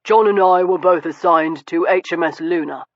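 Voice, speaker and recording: Guy doing dry brooding victorian naturalist, audiobook, kinda high voice, muffled close recording. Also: normal speed, no room sound, natural voice. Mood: reflective. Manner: dry, laconic, turning wistful. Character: wry, brooding Victorian naturalist man, young adult. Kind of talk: audiobook character dialogue. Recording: dull, muffled studio recording.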